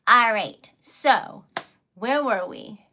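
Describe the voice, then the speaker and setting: Female streamer, fairly high voice, giggly and scattered, unhurried casual chat with typewriter clacking behind. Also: lively intonation, bright, forceful tone, a little hiss or hum. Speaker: livestream host and poet.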